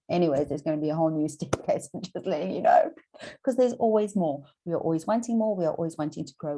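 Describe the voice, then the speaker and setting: A woman's voice: on the low side, gravelly, warm tone, poor audio. An Australian woman coaching viewers on manifesting in a chatty, encouraging motivational talk to camera, repeating her points and using plenty of fillers.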